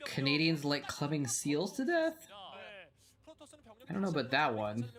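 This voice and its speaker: This man's voice sits on the high side and swoops wildly in pitch, a little slow and a bit bright. He's streaming a watch party of old pro games, offering easygoing commentary and reading viewers' chat aloud as he rambles.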